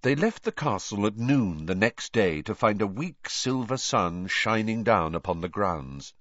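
A man reading a story aloud in an expressive storytelling manner. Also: lowish voice, measured pace, dry recording, dull audio. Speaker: audiobook reader. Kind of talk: scripted narration.

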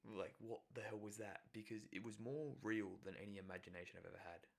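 A man with a deep voice shares a personal story in a loose, casual way. His voice has a gravelly fry, and he wanders and corrects himself as he talks. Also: quick pace. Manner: rambling, filler-heavy, self-correcting.

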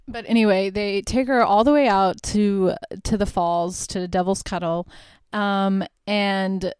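Woman podcaster, chatty and irreverent, swears casually; smooth voice, dry close sound. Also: medium pitch, a little slow, darkish tone, no room sound. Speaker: podcast host. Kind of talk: casual solo movie recap.

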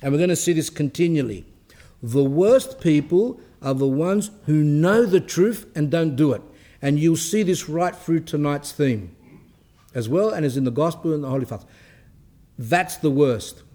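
Emphatic, fairly high-voiced male preacher. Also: animated, moderate pace, mellow. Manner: emphatic, repeats phrases, explains step by step; uses a Greek church word. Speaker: Orthodox preacher. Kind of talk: sermon teaching.

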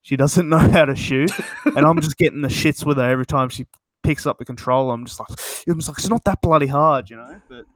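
A man's voice: medium pitch, steady tone, fast talker, no echo, low-quality recording. A young man chatting on a podcast, joking and teasing with plenty of swearing. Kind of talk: casual chat.

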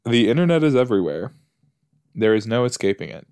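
A man's voice: mid-range voice, sing-song, a little fast, darkish tone, no echo, clean studio sound. A man hosting a podcast, chatting and joking as he reacts to a TV episode while he watches it. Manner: chatty, joking, talks back to the screen. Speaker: podcast host. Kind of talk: episode watch-along commentary.

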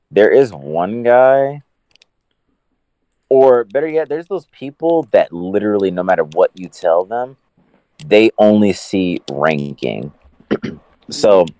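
A man in casual podcast chat, talking in a slow, deliberate, dry way. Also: low-pitched, a little mellow, dry recording.

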